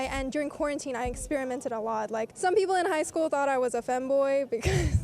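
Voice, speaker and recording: A woman's voice: high-pitched, fairly quick, few pauses, darkish tone. A young woman from South Africa with an American accent, chatting casually in a street interview and filling her talk with "like". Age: young adult. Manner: chatty, frequent "like" fillers, laughs while talking. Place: outdoors in a city.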